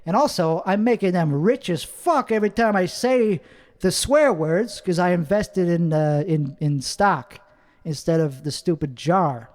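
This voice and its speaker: A man with a high, bright-sitting voice rambles through a solo monologue, swearing constantly and second-guessing his own material. He speaks in a put-on accent. He is recording alone in a home studio. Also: a little slow, long reverb tail. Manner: profane, rambling, self-critical. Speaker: comedian working out bits.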